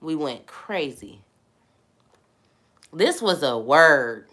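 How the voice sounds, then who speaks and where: A young woman hosting a casual livestream chat, animated and exclamatory, talking straight to her viewers. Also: low voice, extremely slow. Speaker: host.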